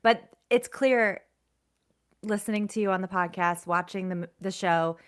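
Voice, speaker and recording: A woman's voice: medium pitch, normal speed, clean tone. A woman co-hosting a podcast in casual chat, laughing and reassuring her guest. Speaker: podcast co-host.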